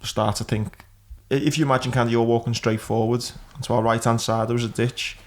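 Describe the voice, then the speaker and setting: A male podcast host with a level, flat delivery who lays out events plainly for the audience. His pitch stays in the middle, and his tone holds steady throughout. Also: quick pace, a little hiss or hum. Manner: explains plainly for listeners. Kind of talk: casual chat.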